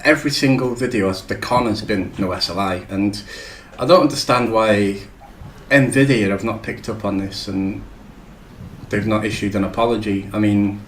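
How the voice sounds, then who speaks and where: Lowish-voiced guy hosting a tech show, swears a lot, jokey, room echo. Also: fairly even intonation, moderate pace, a little hiss or hum. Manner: rambling, swears freely, jokey. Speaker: show host. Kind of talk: casual tech chat.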